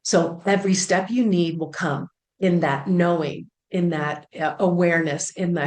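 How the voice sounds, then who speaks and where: A woman with a fairly low voice talks through a channeled spiritual message. She speaks in an earnest, soft way, repeating phrases and pausing on fillers. The room around her sounds echoey. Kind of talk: casual spiritual talk relaying channeled messages.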